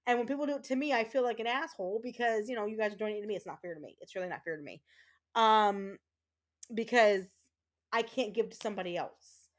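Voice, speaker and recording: A woman's voice: medium pitch, quick pace. A woman streaming a game, chatting casually with her viewers and rambling with lots of fillers and restarts. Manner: emotional, tearful thanks to viewers. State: tearing up. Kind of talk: casual livestream chat while gaming.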